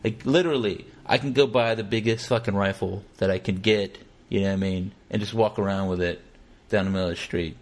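A man talking casually as a podcast host, animated and profane, acting out quotes in exaggerated voices. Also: fairly low pitch, brisk. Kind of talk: casual conversational commentary.

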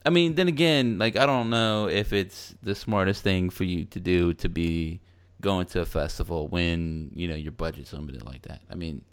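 A man's voice: deep voice, normal speed, hardly any pauses, smooth. A man, co-hosting a podcast in rambling, self-mocking casual chat. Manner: rambling, loose and self-mocking, with playful put-on quotes. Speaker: podcast co-host.

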